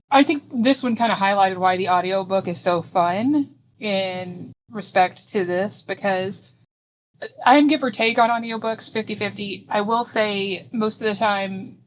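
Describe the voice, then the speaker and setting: A woman's voice: mid-range voice, slight background noise. A woman talking in a casual book-club chat, giving her views thoughtfully and hedging them with small restarts.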